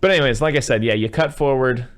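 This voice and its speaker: A man's voice: medium pitch, quick pace. A man hosting a podcast, rambling through movie recaps with lots of fillers in casual chat. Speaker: podcast host.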